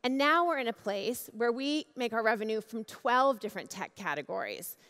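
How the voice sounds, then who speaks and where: A woman in her forties, a keynote speaker at a conference, delivering a measured, emphatic speech with dramatic pauses from the stage. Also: on the high side, lively intonation, a bit bright. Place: large conference hall. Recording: long hall reverb.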